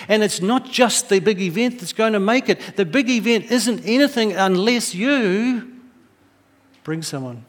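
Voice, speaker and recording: A man, a pastor preaching a sermon and telling lively, humorous stories. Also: high voice. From New Zealand. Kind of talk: sermon with personal anecdotes. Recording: echoey hall.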